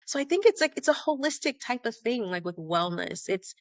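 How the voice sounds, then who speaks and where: A woman in her late thirties from Atlanta, United States, currently abroad in Spain, is a podcast guest in a casual interview. She is an animated storyteller who acts out the voices of the people she quotes, speaking briskly in a slightly high voice, in a dry recording.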